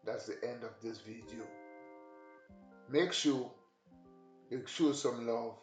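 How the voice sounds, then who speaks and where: A man in a mid-range voice speaks slowly while giving a rambling, chatty vlog tour of his home's room and kitchen, talking right to his viewers. The room echoes, and faint music plays behind him.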